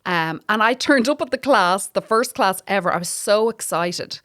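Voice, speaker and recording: Speaking at a moderate pace in a mid-range voice, this Irish comedian is a guest in a casual chat. Her stories are animated, her language is full of swearing, and laughter comes often.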